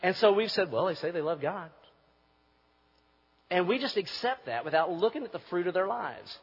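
Pastor, male, husky and fairly high, preaching; muffled recording with long hall echo. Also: expressive, moderate pace. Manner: preaching, rising to forceful emphasis. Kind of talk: sermon.

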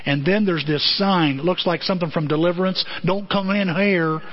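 A middle-aged male pastor telling a story in a sermon, animated and conversational, with comic asides. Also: high voice, moderate pace. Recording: dull lo-fi audio.

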